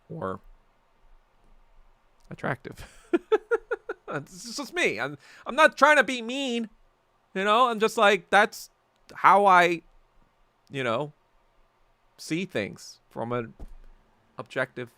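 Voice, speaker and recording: Male podcast host from New York with a gravelly, tense voice, rants in a sarcastic, profane way, casual chat. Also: a little high, very animated, slow, pauses often, bright, forceful tone, dry recording. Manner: rambling, profane, sarcastic ranting. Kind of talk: casual livestream chat reading viewer comments.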